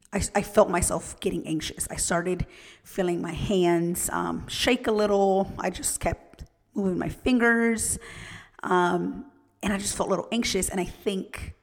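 A woman with a lowish, gravelly voice tells a personal story to her listeners, earnest and direct. Her voice hangs in a long reverb, as if in a large room. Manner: earnest, personal, addresses listeners as "you guys".

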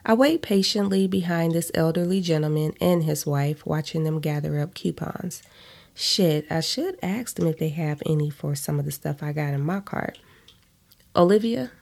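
A woman's voice: sits low, moderate pace, vocal fry, a little mellow. A woman reading a first-person story aloud in a blunt, profane way, stopping for side comments.

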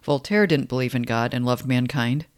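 A man voicing a pompous, clever thirteen-year-old boy, speaking eagerly and a little loud, in a book reading. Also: mid-range voice, normal speed, dry recording, clean studio sound, close to an everyday voice. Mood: showing off.

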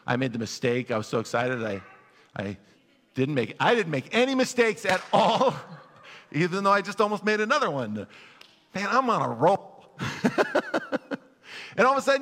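Lively pastor preaching in a reverberant hall. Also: male voice, high-pitched, normal speed, pauses often. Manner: conversational, asks the congregation questions and acts out worried voices. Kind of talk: sermon.

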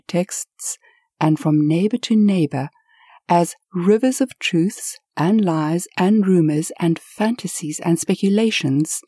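A woman telling a story aloud in a lively, expressive way, with dramatic swells. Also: fairly low pitch, dry recording, clean studio sound. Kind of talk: told story narration.

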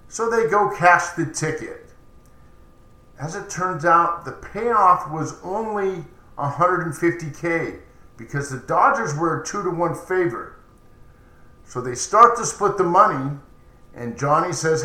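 A man's voice: on the high side, unhurried. A man narrating a story in a chatty, casual way as a podcast storyteller. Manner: chatty, animated. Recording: roomy echoey recording.

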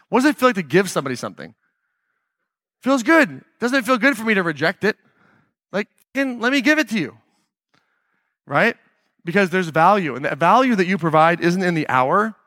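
In a casual solo monologue on his own podcast, a man speaks bluntly and emphatically, swearing as he goes. His voice sits high and a bit bright, recorded in studio quality with no echo.

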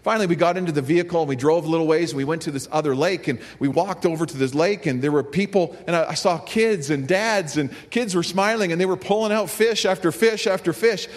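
A man's voice: a little high, fast, few pauses. A man pastor delivering a sermon, telling a story and then rising to fervent emphasis. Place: church sanctuary. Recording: long reverb of a large hall.

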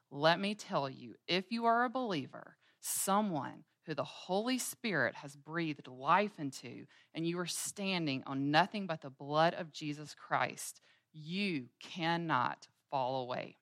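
A woman in her thirties leads a women's Bible study in a low, earnest voice. She teaches through homely stories from her own days and acts out little scenes as she goes. Her voice sounds close and dry, with no room echo. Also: lively intonation, unhurried, fairly bright tone. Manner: earnest storytelling, acting out everyday scenes with quoted voices.

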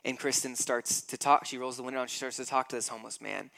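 A man's voice: mid-range voice, steady tone, fast talker, vocal fry, bright, forceful tone. A man in his thirties preaching a sermon, emphatic and acting out scenes with growing intensity. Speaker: pastor.

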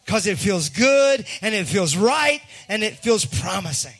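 A pastor with a high male voice delivers a sermon at a measured pace. He is animated, sinking to almost-whispered asides and then rising into shouted lines, and his tone rings out bright.

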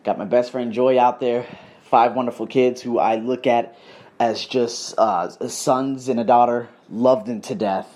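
A man telling stories on his solo podcast, animated, ranting and swearing freely. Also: medium pitch, a little slow. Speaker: podcast host. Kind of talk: casual solo storytelling.

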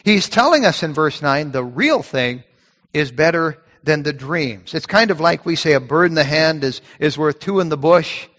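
A fairly high-voiced man preaches a sermon in a church sanctuary, with his words trailing off into a long hall reverb. He talks in a conversational way, doubling up on words as he goes, and slows right down when he reads scripture. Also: animated, a bit bright. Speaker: pastor.

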